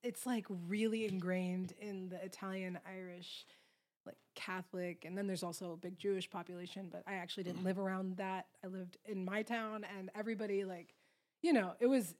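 A woman's voice: medium pitch, steady tone, a little mellow. A young woman from Long Island, a podcast guest, talking casually with lots of "like" fillers and easy laughs. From Long Island, New York. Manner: chatty, full of "like" fillers and quick laughs. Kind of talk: casual interview chat.

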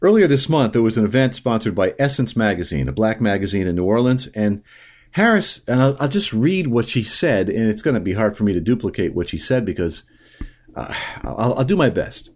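A man hosting solo political commentary, opinionated and halting, with frequent fillers and restarts. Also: on the low side, lively intonation, a little mellow.

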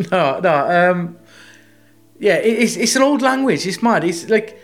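A man's voice: high-pitched, takes it slowly, faint music behind. Sweary man chatting loosely. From Wales. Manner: sweary, rambling, animated storytelling. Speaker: co-host, tattoo artist. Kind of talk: casual chat.

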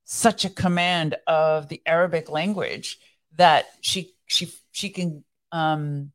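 A middle-aged woman co-hosting a faith podcast, chatting casually and telling animated stories, often acting out other people's lines. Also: takes it slowly. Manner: animated storyteller, acts out quoted voices with high excited pitch. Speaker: podcast co-host. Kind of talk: casual conversation.

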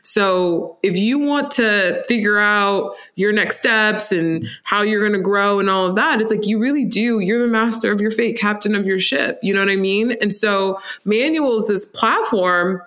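Animated woman telling a candid story. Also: mid-range voice, normal speed, hardly any pauses. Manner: animated, acts out quoted dialogue, laughs easily. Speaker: startup co-founder, guest.

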